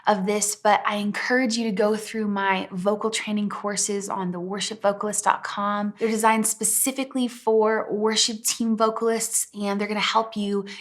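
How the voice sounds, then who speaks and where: A young woman giving a singing lesson in a clear, encouraging way. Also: mid-range voice, little pitch movement, moderate pace, few pauses. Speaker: vocal coach. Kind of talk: singing lesson with sung demonstrations.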